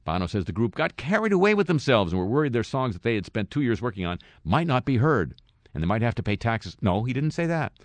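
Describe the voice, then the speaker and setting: A man's voice: mid-range voice, very animated, quick pace, no room sound. A man hosting a satirical news segment, reading stories and tossing in wry, sarcastic asides. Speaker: comedy news host.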